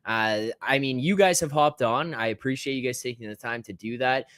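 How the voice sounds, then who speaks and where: A man chatting on a hockey podcast, excitable and rambling, cursing now and then as he makes his point. His voice sits at an ordinary pitch and is recorded close and dry, with no room echo at all. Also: a little fast, clear, resonant tone. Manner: animated, rambling, swears freely. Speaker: guest podcast host. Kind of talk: casual hockey podcast chat.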